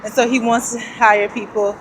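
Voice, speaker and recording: Her voice a little high and her delivery flat, a woman talks at a moderate pace while vlogging on foot through a city street. She's breathless, thinking aloud and laughing softly often, and the handheld camera picks up traffic and street sounds.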